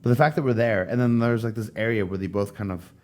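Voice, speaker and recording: Fast-talking man telling a story. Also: lowish voice. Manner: animated storyteller, acts out quoted voices, many fillers. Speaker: podcast guest. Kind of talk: casual storytelling.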